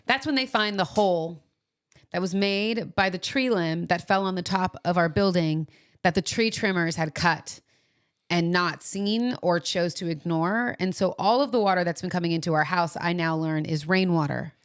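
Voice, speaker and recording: A woman's voice: normal speed, clean tone. A woman co-hosting a podcast, telling a story in casual chat and acting out what people said. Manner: animated retelling, acts out quoted lines in a higher voice. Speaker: podcast co-host.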